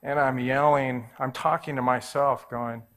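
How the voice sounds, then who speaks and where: A man's voice: mid-range voice, measured pace. A man in his forties, a pastor telling a personal story in a sermon and acting out the voices in it. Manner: animated, acts out every voice in his story.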